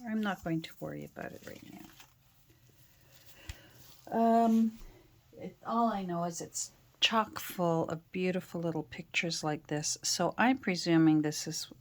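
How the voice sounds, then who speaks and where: Woman from canada rambling along about her crafts, lowish voice, takes her time. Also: unhurried. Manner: chatty, rambling with fillers and restarts. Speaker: craft vlogger. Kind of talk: casual chat while crafting. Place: home craft studio.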